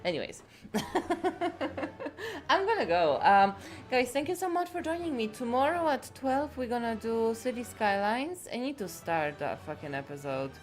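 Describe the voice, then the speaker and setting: A woman's voice: a little high, big pitch swings, a little slow, faint music behind. A woman game streamer chatting casually, rambling and swearing freely. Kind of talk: casual chat.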